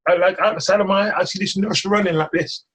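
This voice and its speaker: Male guest, firefighter. Animated storyteller who laughs a lot and stammers. Husky voice, slightly high. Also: fast talker. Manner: laughs often, acts out quotes, stammers.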